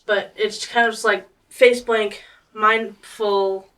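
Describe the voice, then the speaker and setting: A woman's voice: medium pitch, fairly even intonation, slow pace, a bit bright, far from the mic, rough recording. A woman player describing her character in a chatty, rambling way with many fillers.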